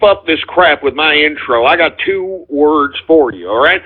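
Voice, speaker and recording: A man's voice: fairly high pitch, lively intonation, measured pace, hardly any pauses. A man hosting a call-in radio show, ranting irritably and swearing at his callers. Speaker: radio host taking voicemail calls. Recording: tinny phone-like radio audio.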